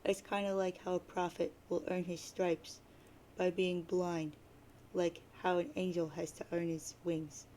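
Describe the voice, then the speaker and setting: A woman's voice: on the low side, flat delivery, unhurried, dark tone, slight background noise, lightly acted. A woman reading the lines of a mopey, sarcastic teenage boy who sees himself as a prophet of doom, in a dramatic webcomic reading. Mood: gloomy. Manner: grumbly, sarcastic, self-pitying.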